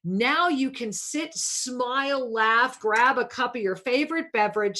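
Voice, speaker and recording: A woman's voice: fairly high pitch, measured pace, few pauses, sharp tone. A woman hosting a spiritual talk radio show, coaching a caller in a soothing, affectionate way and calling her pet names.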